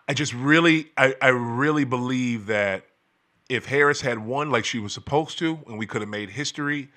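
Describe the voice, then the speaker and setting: A man hosting his own show, delivering a heated, profane rant full of stammering restarts and sudden shouting. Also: mid-range voice, measured pace, long pauses. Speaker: podcast host. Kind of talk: heated ranting monologue.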